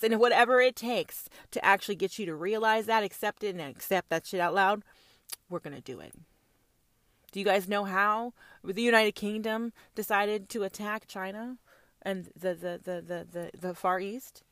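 A woman's voice: medium pitch, moderate pace, a bit bright, no echo. Woman host, heated monologue, swears freely, fires off rhetorical questions; close dry sound. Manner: fiery, profane, rhetorical questions. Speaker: podcast host. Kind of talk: opinionated monologue.

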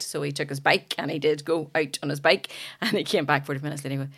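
Fast-talking woman, low voice. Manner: frank, animated storytelling with swearing. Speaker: podcast guest. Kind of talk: casual chat.

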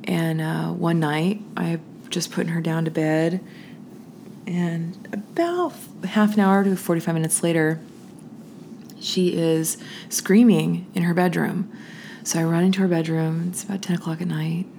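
A woman in her thirties tells a personal story as a podcast host, her voice sitting low and unhurried. She slips into a hushed near-whisper whenever the story turns tense. A faint hum of ambience runs under the recording. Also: vocal fry.

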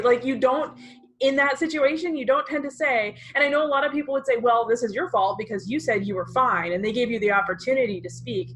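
A woman's voice: high voice, low-quality recording. Earnest woman telling a story. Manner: earnest, animated storytelling with many fillers. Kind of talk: casual conversation.

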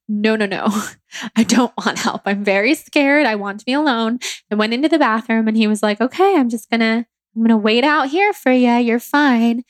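A woman's voice: on the high side, no echo. A young woman hosting her own podcast, candidly retelling a personal experience in a rambling, filler-heavy way. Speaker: podcast host. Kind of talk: personal storytelling monologue.

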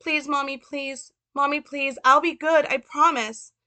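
A woman's voice: high-pitched, steady tone, measured pace, sharp tone, voice pushed up. A woman voicing a frightened little boy who begs his mother not to punish him. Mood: pleading. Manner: pleading, repetitive.

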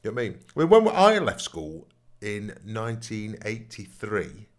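A man's voice: fairly low pitch, sing-song, moderate pace. A man telling long, rambling stories in a casual podcast chat, often adding "you know what I mean". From Nottingham, England. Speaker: podcast co-host.

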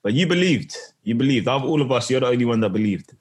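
A man's voice: mid-range voice, breathy edge. A man hosting a casual football podcast, bantering with friends and repeating his points for effect. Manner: relaxed, bantering, drawn-out repeats. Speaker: podcast host.

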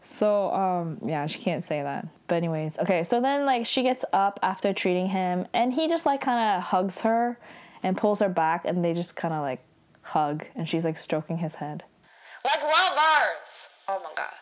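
A woman's voice: lowish voice, expressive, normal speed, darkish tone. A young woman recapping a television drama episode in casual chat, filling her talk with "like" and acting out the characters' lines. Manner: chatty, heavy use of "like", acts out quotes with laughs.

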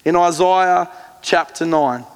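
A man preaching a sermon, retelling scripture with earnest emphasis and slow, measured readings. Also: a little high, clean tone, in a large hall. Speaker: pastor.

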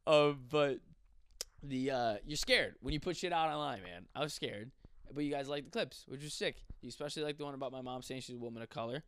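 A man's voice: medium pitch, a little fast, a bit bright, clean tone, dry recording. A young man hosting a podcast, rambling through a profane, comedic monologue. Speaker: podcast host.

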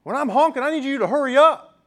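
A man putting on a shrill, impatient lady driver. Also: expressive, fast. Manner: yelling, demanding. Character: impatient honking woman driver, lost.

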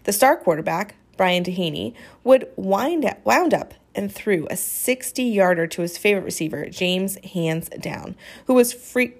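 Woman narrator, mid-pitched voice, expressive audiobook reading. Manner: expressive, storytelling.

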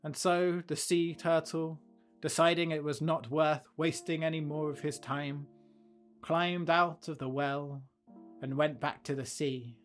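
A man's voice: a little high, fairly even intonation, measured pace, soft background music. Thoughtful man telling a story. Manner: gentle, thoughtful, with fillers. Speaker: podcast host. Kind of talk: storytelling and reflective commentary.

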